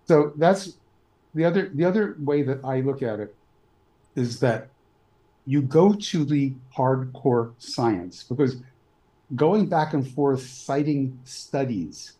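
A man in his sixties from New York, a physician guest giving measured, blunt opinions in an interview. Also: medium pitch, animated, warm tone, poor audio. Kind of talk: interview answers.

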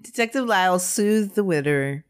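A woman's voice: fairly low pitch, expressive, moderate pace, clean tone. A woman podcast host recounting a true crime case in a conversational way, laughing now and then.

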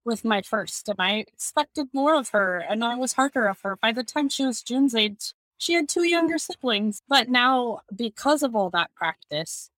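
Woman telling a story, animated and laughing. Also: on the high side, normal speed, hardly any pauses, no room sound. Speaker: podcast guest, communications manager. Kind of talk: conversational storytelling.

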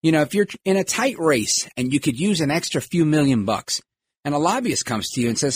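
Husky-voiced man ranting. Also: on the high side, expressive, brisk. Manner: emphatic, acts out quoted voices. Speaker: podcast host. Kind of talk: political commentary monologue.

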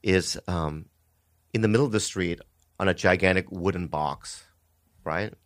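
A man telling jokes in casual podcast chat, rambling and animated with lots of fillers. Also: deep voice, a little slow, dry recording, clean studio sound.

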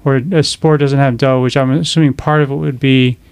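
A man hosting a casual podcast conversation, asking halting questions full of fillers and often finishing the other speaker's sentences. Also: mid-range voice, little pitch movement, darkish tone, clear, resonant tone, no echo. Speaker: podcast host.

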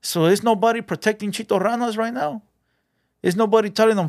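A man's voice: sits high, fairly even intonation, brisk, darkish tone, dry recording, clean studio sound. A man giving a blunt, preachy street advice monologue as a reaction video host, mixing Spanish slang into his talk.

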